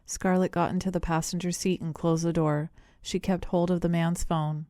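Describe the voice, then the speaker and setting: This is scripted audiobook narration by a woman with a fairly low voice, told in an even, measured way. It's recorded cleanly in a studio with no echo at all.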